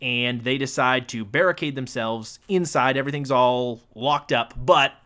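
A man's voice: mid-range voice, moderate pace, a bit bright, smooth. A man co-hosting a casual movie podcast, recapping scenes in a loose, profane way and laughing often. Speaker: podcast co-host.

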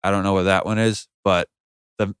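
A man with a lowish voice talks bluntly and swears freely as a podcast co-host. His delivery is animated. The room sound is dry and close. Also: moderate pace, clear, resonant tone, no room sound. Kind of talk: casual crude chat. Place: small room with two others.

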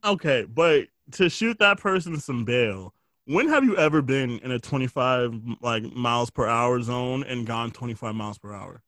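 A man's voice: medium pitch, expressive, moderate pace, a bit bright, no echo. A man chatting casually as a podcast co-host, telling stories with jokes, swearing and lots of fillers. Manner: joking storyteller, swears freely, lots of fillers. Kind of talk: casual chat.

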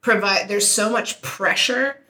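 A woman co-hosting a podcast in casual, laughing chat, telling animated stories. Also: mid-range voice, unhurried. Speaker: podcast co-host.

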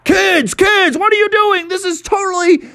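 A man's voice: fairly even intonation, moderate pace, sharp tone, exaggerated voice. A man voicing a fussy school bus driver who scolds children. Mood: scolding. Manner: shrill, scolding.

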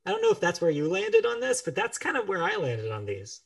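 A man co-hosting a TV review podcast, quick to react and chuckle. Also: sits high, wildly swooping pitch, vocal fry, far from the mic. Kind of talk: casual chat.

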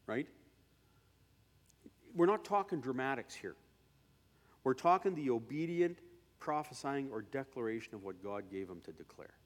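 A man preaching a sermon in a conversational way, often asking "right?", who swings between loud declarations and quiet asides. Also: mid-range voice, long reverb tail. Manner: conversational, with fillers and tag questions.

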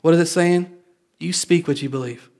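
A man's voice: fairly high pitch, normal speed, darkish tone. A man preaching a sermon in a casual, confessional way, joking with his listeners. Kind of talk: conversational sermon.

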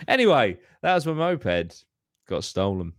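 A man's voice: mid-range voice, big pitch swings, unhurried, dry recording, studio quality. A man, hosting a podcast and telling a story in casual chat, swearing heavily and ranting with animation. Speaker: podcast host.

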